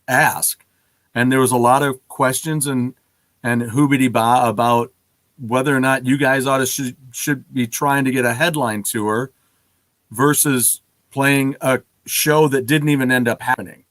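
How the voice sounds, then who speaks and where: An American man hosts a casual interview in a relaxed, joking way. His voice sits at a middle pitch, and the recording is dry, with no room echo. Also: unhurried. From United States. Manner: jokey, laid-back. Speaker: podcast host.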